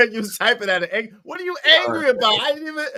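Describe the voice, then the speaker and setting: A man's voice: very high voice, expressive, fast talker, a crowd in the background. A man hosting a casual livestream chat, playful and teasing as he reads out chat messages. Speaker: host.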